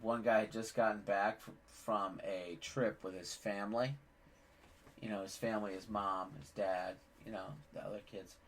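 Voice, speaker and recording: A man's voice: on the low side, fairly even intonation, moderate pace, a bit bright. A man in his forties hosting a casual family podcast, a rambling joke-telling dad who pokes fun at himself. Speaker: podcast host and father.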